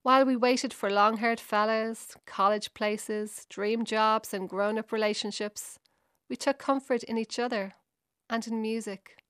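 A woman's voice: on the high side, steady tone, measured pace, a bit bright, smooth, dry recording, clean studio sound. A woman reading her own personal essay aloud, in a reflective, fond manner.

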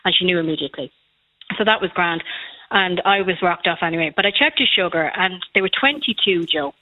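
A woman's voice: fairly low pitch, fairly quick, no room sound. A woman in her thirties with an Irish accent, calling a radio show and telling a personal story in a chatty way. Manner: chatty storytelling, acts out quotes. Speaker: caller. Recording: tinny phone line.

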